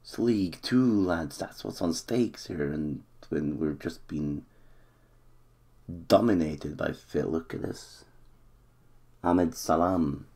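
A man's voice: a bass voice, takes it slowly, a little mellow, breathy edge. A man commentating his own football management game, nervous and muttering one moment, cheering the next. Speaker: gaming YouTuber.

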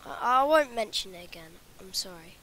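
A woman's voice: medium pitch, expressive, moderate pace, fairly bright tone. A woman talking over her gameplay in a rambling way, often dropping into whispers. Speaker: gaming channel host. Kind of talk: gameplay commentary.

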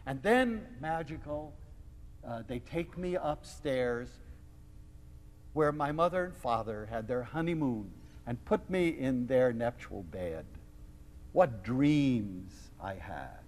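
Animated, theatrical male storyteller. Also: mid-range voice, takes it slowly, in a large hall. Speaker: lecturer on love. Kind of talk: storytelling lecture to an audience.

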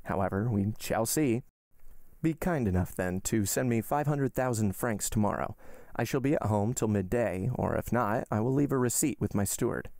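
A man reading aloud, voicing a suave, wealthy count who speaks in a smooth, unhurried, gentlemanly way. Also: fairly low pitch, no room sound, clean studio sound, close to an everyday voice. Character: suave wealthy male count, cool and commanding. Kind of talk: audiobook reading.

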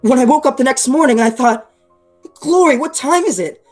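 A woman's voice: high voice, lively intonation, moderate pace, a little mellow, soft background music. A woman playing an earnest, pleading teenage boy. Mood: reflective. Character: earnest teenage boy from a gang, telling his story. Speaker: student actor. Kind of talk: amateur stage play, dialogue and narration.

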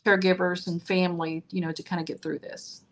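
Lower-voiced woman interview host. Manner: friendly, quick to agree, animated when telling stories. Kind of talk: conversational interview.

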